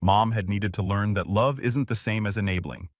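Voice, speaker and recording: Male story narrator, low and calm, even scripted delivery, dry close-mic sound. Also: moderate pace, dry recording.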